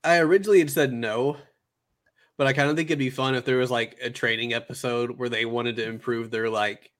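A man in casual chat, relaxed and agreeable, rambling through ideas with fillers. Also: medium pitch, brisk. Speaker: co-host brainstorming an anime.

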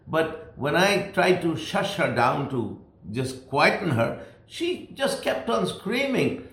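Male pastor, home sermon, gravelly, rambling story, roomy echo. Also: on the high side, big pitch swings, takes it slowly, a bit bright. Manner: conversational, rambling with restarts and "you know". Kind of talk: sermon told as a personal story. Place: his home.

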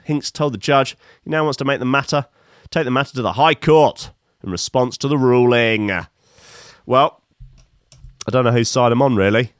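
The clean, dry studio recording captures a man in his fifties at medium pitch. He runs through odd news items casually, adding rambling, wry jokes and plenty of fillers.

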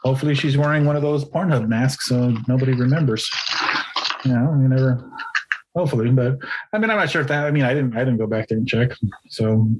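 A man's voice: mid-range voice, quick pace, darkish tone, a little hiss or hum, rough recording. A man co-hosting a podcast, telling a long story in casual chat, swearing often and restarting his sentences. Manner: rambling, profane, lots of restarts. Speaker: podcast co-host.

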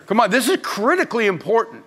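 Man, pastor, middle-aged, high-pitched, emphatic sermon, loud urging and quiet confession. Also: very animated, fast, husky.

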